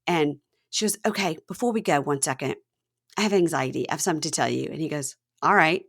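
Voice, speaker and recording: A woman hosting a podcast, chatting casually and retelling reality-show scenes in lively acted-out quotes. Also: low voice, quick pace, husky. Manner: animated retelling, acting out the people in the scenes. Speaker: podcast host.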